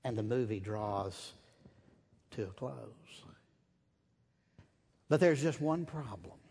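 A man preaching a sermon, telling a story slowly and dramatically, dropping at times to a hushed whisper. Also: medium pitch, expressive, gravelly, slightly rough, big-room sound.

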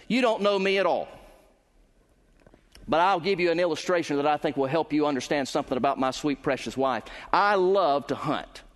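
Male pastor, emphatic pulpit delivery that climbs at climaxes and lingers on key words; high pitch, ringing hall. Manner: emphatic preaching, swelling louder and higher at climaxes, slowing on key words. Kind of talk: sermon. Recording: long reverb of a large hall.

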